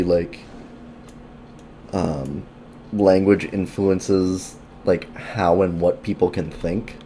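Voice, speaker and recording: A man's voice: low-pitched, dark tone, a little hiss or hum. A man streaming a game, talking casually in rambling asides full of fillers. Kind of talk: casual gameplay commentary.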